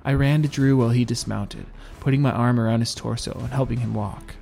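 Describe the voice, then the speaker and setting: A man narrating a first-person audiobook in a steady, measured reading. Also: medium pitch, gravelly, soft background music.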